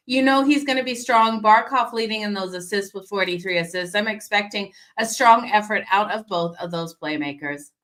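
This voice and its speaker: A woman hosting a daily hockey betting show, talking straight to her viewers in an energetic, conversational way while losing her voice a little. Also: mid-range voice. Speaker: sports betting show host.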